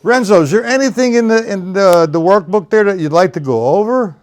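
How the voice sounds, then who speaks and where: A man's voice: sits high, fairly quick, a little mellow. A middle-aged man teaching drums on a live stream, counting beats and explaining technique in a blunt, rambling way. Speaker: drum teacher. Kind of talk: live-streamed drum lesson. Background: drums played between talk.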